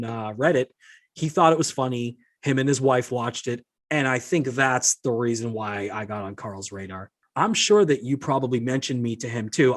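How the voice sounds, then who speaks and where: A man hosting his own podcast, ranting in an exasperated, indignant tone, swearing often and reading out messages he received. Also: medium pitch. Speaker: podcast host. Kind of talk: solo podcast rant.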